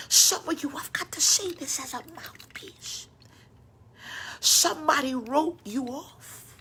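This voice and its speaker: A woman pastor crying as she preaches an impassioned sermon, swinging between whispers and cries, with breathy asides. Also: sits high, slow pace, sharp tone. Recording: faint background noise, livestream.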